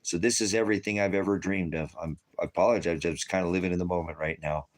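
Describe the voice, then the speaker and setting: A man's voice: low-pitched, steady tone, quick pace. An older man giving an emotional, rambling spiritual testimony, laughing and tearing up as he preaches. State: tearful.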